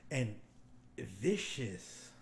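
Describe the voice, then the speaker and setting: This young podcast host has a lowish voice with vocal fry, stretching out his words as he tells a story over casual chat. Cursing freely, he animates the tale by acting out people's quotes. Faint noise and a roomy echo sit behind him.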